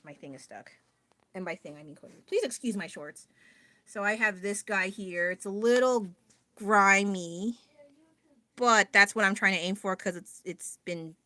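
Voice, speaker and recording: A woman talks on a phone livestream from home, chatty and rambling, and she often pokes fun at herself. Her voice sits at a middle pitch, and the sound is close and dry with little room echo. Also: sharp tone. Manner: chatty, rambling, self-deprecating. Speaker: livestreaming artist. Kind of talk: casual chat. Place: home, indoors.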